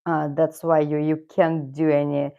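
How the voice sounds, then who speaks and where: A woman's voice: deep voice, little pitch movement, normal speed, vocal fry, clear, resonant tone, narrow, tinny audio. A middle-aged woman from Russia, a native Russian speaker, hosting a casual live stream with rambling, self-correcting talk and frequent chuckles. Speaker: channel host.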